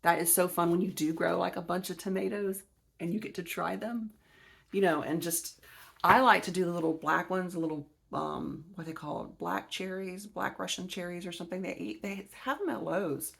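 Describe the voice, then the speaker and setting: A Southern-accented gardening channel host from Alabama, in her forties, casually shows her books on video, chatty and rambling and correcting herself as she talks. Her fairly low voice is a bit bright, with vocal fry, a steady tone, and a moderate pace.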